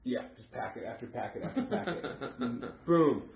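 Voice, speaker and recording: A man's voice: mid-range voice, normal speed. A man co-hosting a casual podcast, joking crudely and laughing often. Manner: loose, crude and laughing, with sudden bursts of loud delivery. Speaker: podcast co-host. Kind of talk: casual joking chat among friends. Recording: echoey room with faint hiss.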